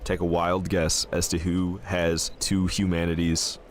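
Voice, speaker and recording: A man streaming a video game, giving excitable live commentary as he plays. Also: low-pitched, a little slow, a little hiss or hum. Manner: excitable, animated, laughing and groaning at the game.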